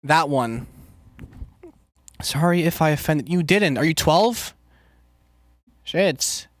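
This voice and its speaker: Rambling, cursing guy with a slightly high voice. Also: animated, slow, dry recording, clean studio sound. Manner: rambling, loose and profane, full of filler words. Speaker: streamer. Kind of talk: casual chat, answering live chat.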